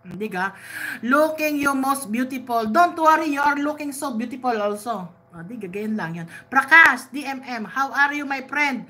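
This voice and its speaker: A woman's voice: high-pitched, animated, moderate pace, pushed and bright. A woman with a Filipino accent, hosting a playful live stream, laughing often and switching between English and Tagalog. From Philippines. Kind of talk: casual live-stream chat.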